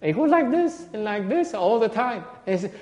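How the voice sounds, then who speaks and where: Male Vietnamese monk teacher, native Vietnamese, lively stammering talk, dark tone, reverberant hall. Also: sits high, normal speed. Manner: animated, laughing, stammers and repeats words. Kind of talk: casual dharma talk.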